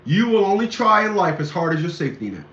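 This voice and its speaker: Middle-aged guy preaching on his show, keeps repeating himself, high voice, kinda muffled. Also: very animated, quick pace, a bit bright. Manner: emphatic, repetitive, preachy. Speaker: commentary show host. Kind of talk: casual monologue commentary. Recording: echoey lo-fi room recording.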